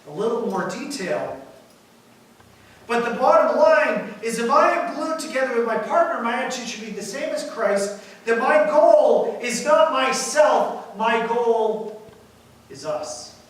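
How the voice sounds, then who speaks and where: A man preaching a sermon as pastor, emphatic, rising to loud points and dropping quiet again. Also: extremely high pitch, expressive, unhurried. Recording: echoey hall from far off.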